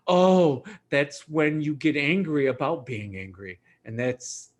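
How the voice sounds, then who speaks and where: A man with a voice pitched a little above the usual, talking as a Reiki teacher and host. His delivery is gentle and reflective. He speaks in a relaxed, conversational way to his listeners. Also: a little slow. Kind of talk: spiritual talk on a livestream.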